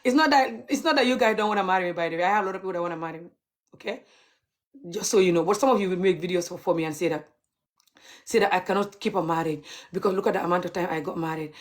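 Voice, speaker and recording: A woman's voice: on the low side, racing. Heated woman ranting. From Gambia. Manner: heated, mocking, laughs bitterly. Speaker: vlogger. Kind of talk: livestream rant.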